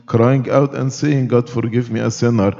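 A man reciting liturgical prayers in a solemn, measured manner, as clergy leading a church service. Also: mid-range voice, flat delivery, creaky, warm tone. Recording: dull recording with long church reverb.

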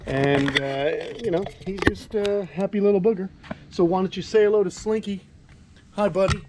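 A man's voice: sits high, steady tone, moderate pace, very noisy. A man hosting a casual vlog outdoors among animal enclosures, easygoing and chatty, talking to his reptiles as he goes. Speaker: reptile keeper and channel host.

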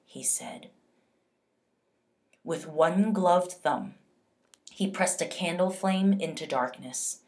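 Woman teacher, storybook read-aloud for kids; slow, lowish voice, expressive. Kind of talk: reading a novel aloud to children.

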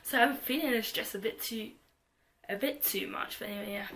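A woman's voice: medium pitch, brisk, a bit bright, a little hiss or hum. A woman chatting through a clothing try-on haul at home, rambling and joking at herself, full of "like". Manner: bubbly, rambling, self-mocking, heavy use of "like". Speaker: fashion vlogger.

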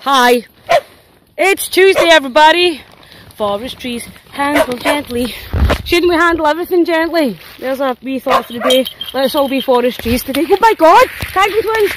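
A woman's voice: high voice, background noise. A Scottish woman walking dogs through a wet forest, chatting casually and playfully to her phone and the dogs, with the odd swear. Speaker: dog walker. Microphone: handheld phone while walking.

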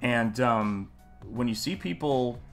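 A man's voice: mid-range voice, animated, takes it slowly, fairly bright tone, soft background music. A man hosting a live painting stream, talking in a casual, earnest, musing way and greeting viewers in the chat by name.

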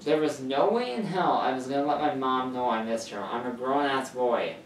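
A woman with an unusually deep voice reads a story aloud, tripping over words and restarting lines. She sounds distant from the mic in an echoey room, with a faint hiss underneath. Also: moderate pace, hardly any pauses. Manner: stumbling, self-correcting reading. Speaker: story reader.

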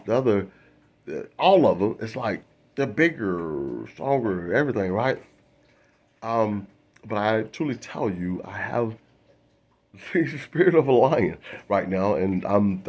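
A man's voice: mid-range voice, husky. A man doing a loose stand-up monologue to camera, full of fillers, restarts and asides. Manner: loose, self-interrupting, many fillers and restarts. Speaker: comedian.

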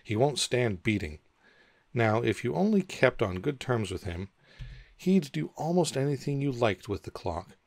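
A man with a gravelly voice voicing a rude, whimsical mad hatter in an audiobook, speaking in a pompous, contemptuous, theatrical way. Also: mid-range voice, very animated, a little slow, no room sound, pitched above the performer's own voice, exaggerated voice.

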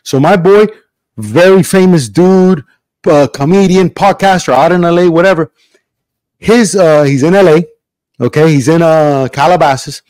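Animated, higher-voiced middle-aged man. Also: moderate pace, no room sound. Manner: animated storyteller, acts out quotes with big voices. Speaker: podcast host. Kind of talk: casual chat.

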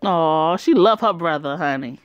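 A woman's voice: low-pitched, expressive, moderate pace, no echo, dull audio. A woman making playful, chatty asides between scenes of her own game drama. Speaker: machinima creator and narrator.

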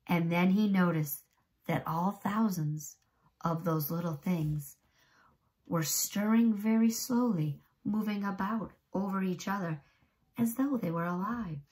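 Slow, expressive woman teacher reading aloud. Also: medium pitch. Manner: slow, expressive storytelling, then chatty questions to pupils. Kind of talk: reading a chapter book aloud to children.

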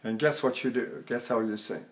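A man's voice: medium pitch, fairly even intonation, normal speed. An older man teaching vocal technique in a chatty, anecdotal lecture, turning to his students with asides and breaking off to sing bits of opera. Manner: addresses students directly with frequent "see?".

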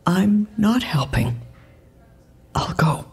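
Woman reading a worn-down dad: low, gravelly, slow, strained. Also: darkish tone, whispered, faint music behind, exaggerated voice. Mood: defeated. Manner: low, halting, defeated. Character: quiet middle-aged father, strained and gruff.

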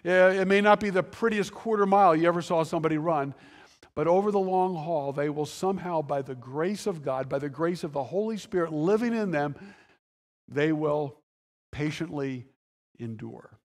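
A man's voice: on the high side, normal speed, long reverb tail. A male pastor delivering a conversational sermon, full of restarts and quoted dialogue that he acts out. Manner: conversational preaching with restarts and dramatic quoted voices. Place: church sanctuary.

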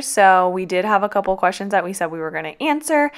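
A woman's voice: mid-range voice, expressive, quick pace, clean tone. A woman, groggy from just waking up, chatting casually in a vlog voiceover and swearing now and then. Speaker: planner vlogger.

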